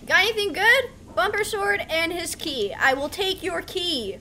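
A woman streamer giving casual gameplay commentary, excitable and talking to herself, with yelps as she plays. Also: extremely high pitch, unhurried, few pauses, very noisy. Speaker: gaming streamer.

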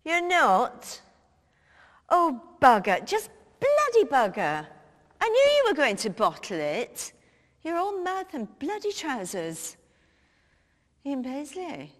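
A woman's voice: high voice, huge pitch swings, takes it slowly, fairly bright tone, heavily acted. A woman playing a brash, cheeky minister. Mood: breezy. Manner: blunt and swearing, breezy phone chatter. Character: brash, cheeky middle-aged female cabinet minister. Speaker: comedian. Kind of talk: comic phone-call sketch. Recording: long hall reverb.

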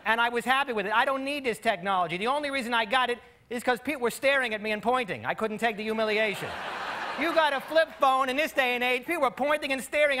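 A man's voice: extremely high pitch, sharp tone. A man doing a stand-up comedy routine in a dry, conversational way, with rambling asides to the crowd. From United States. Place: comedy club stage. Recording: live club recording with audience noise.

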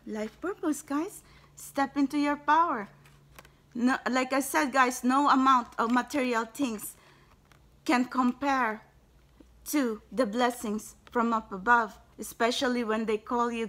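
Bright-voiced, gushing woman tarot reader. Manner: effusive, exclaims and repeatedly says guys; gushing, rises into high excited bursts. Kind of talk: spiritual card reading to camera.

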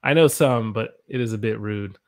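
A man's voice: lowish voice, normal speed. Brief: American male English teacher, casual livestream from a home room, jokey, reads chat aloud. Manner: playful, jokey, laughs often; reads viewer comments aloud.

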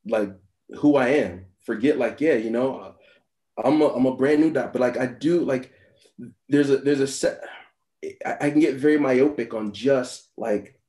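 A man's voice: mid-range voice, warm tone. Rambling man telling a story, echoey room. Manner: halting, full of "like" fillers and restarts, laughs often. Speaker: meditation teacher. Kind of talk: personal storytelling in a dharma talk.

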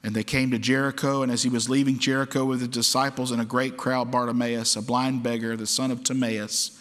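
Male pastor, mid-pitched voice, preaching in a church with long reverb, dramatic delivery. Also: level tone, a little fast. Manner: dramatic, acts out quoted cries loudly. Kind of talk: sermon. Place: church sanctuary.

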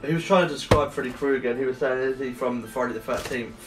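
A man's voice: mid-range voice, fast talker. A young man, off-camera, giving brief and laid-back replies in casual chat. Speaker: channel host, off-camera. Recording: distant, roomy, music clearly behind.

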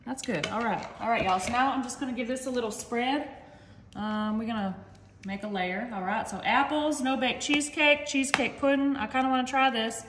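A woman's voice: a little high, brisk, a bit bright. A woman hosting a casual cooking demo in a home kitchen, chatting to viewers and calling them y'all. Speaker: cooking channel host. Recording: echoey kitchen with faint noise.

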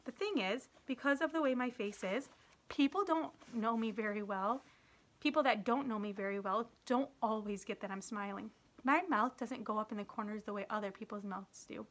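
A woman teacher reading a children's novel aloud in a steady, gentle narrating voice. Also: mid-range voice, normal speed. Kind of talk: read-aloud storytelling.

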